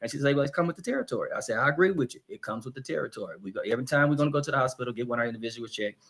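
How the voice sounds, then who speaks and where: A man, a pastor, hosting a live church discussion and telling a story in a lively, animated way. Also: medium pitch, rapid-fire. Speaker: pastor and host.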